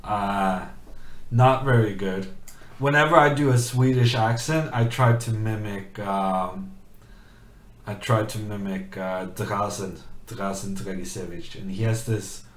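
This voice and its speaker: A man talks slowly and casually while he plays chess, drifting between moves and chat questions. His voice sits a little low. The room around him is echoey, with a faint hiss. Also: steady tone. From Norway. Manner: rambling, chatty, reads chat questions aloud. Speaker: chess streamer.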